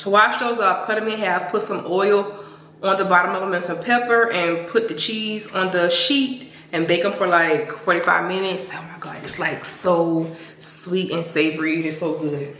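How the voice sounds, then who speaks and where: A young woman talks to her phone camera while out on errands, chatty and heartfelt. Her voice sits at an everyday middle pitch. Faint road and car noise hums behind her. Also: bright, forceful tone. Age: 20s. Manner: chatty and heartfelt, drifts into sung lines and praise. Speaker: vlogger. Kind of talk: casual vlog chat to camera. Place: out and about running errands, in a car and stores.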